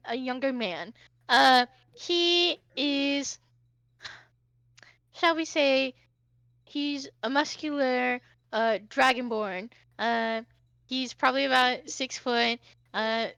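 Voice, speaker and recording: Bright-voiced woman game master. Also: high voice, dry recording. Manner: chatty, rambling with many fillers. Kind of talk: narrating a tabletop game.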